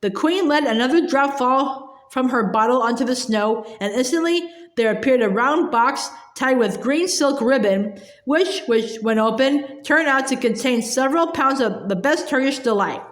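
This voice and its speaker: High-voiced woman reading a storybook. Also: lively intonation, normal speed, few pauses. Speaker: narrator. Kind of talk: storybook read-aloud. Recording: echoey room.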